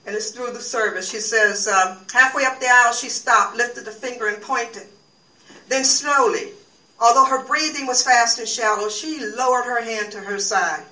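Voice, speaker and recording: A woman who teaches at a university, giving a lecture and reading from a novel, with halting speech full of fillers and restarts. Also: fairly high pitch, pushed and bright. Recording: echoey room, far from the mic.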